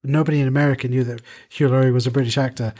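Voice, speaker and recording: A man's voice: mid-range voice, fairly even intonation, very fast, a little mellow. A man in a casual chat who tells a long, rambling story full of fillers and self-corrections.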